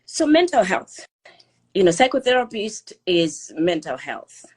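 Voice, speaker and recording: A Zimbabwean woman in her fifties speaks with a husky, slightly low voice. She tells her life story as a guest on a video call. Her delivery is lively and full of "you know" asides. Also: measured pace. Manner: animated storyteller, many "you know" fillers. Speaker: guest, psychotherapist. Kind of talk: casual storytelling interview.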